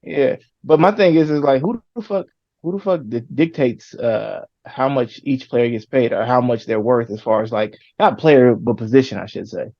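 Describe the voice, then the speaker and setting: A man's voice: mid-range voice, moderate pace, no room sound, highs cut off. A man co-hosting a podcast, talking football bluntly with loose slang and swearing. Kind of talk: casual sports chat.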